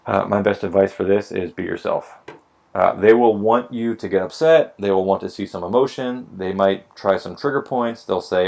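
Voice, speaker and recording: A man with a low, gravelly voice holds forth in casual podcast chat, swearing freely and slipping into mock dialogue. He sounds a little tipsy and wry. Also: normal speed, a little mellow. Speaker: podcast co-host explaining police hiring.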